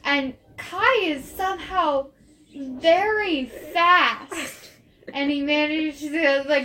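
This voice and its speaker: A woman's voice: high voice, slow, background noise. A woman running a tabletop game as game master, playful and slipping into character voices.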